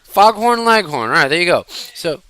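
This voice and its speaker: Animated, bright-voiced male storyteller. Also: sits high, normal speed, no room sound, rough recording. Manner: animated, digressive, addresses viewers directly; fidgety while talking. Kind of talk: casual storytelling to camera.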